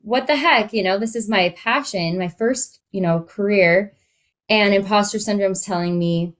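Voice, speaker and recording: A woman's voice: medium pitch, normal speed. A woman in her late thirties, a life coach co-hosting a podcast, chatting candidly with plenty of fillers. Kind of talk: casual podcast chat.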